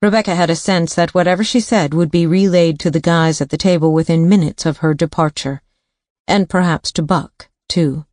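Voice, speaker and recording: A woman reading a thriller audiobook in a steady, even narration on a studio mic. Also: on the low side, moderate pace, no echo.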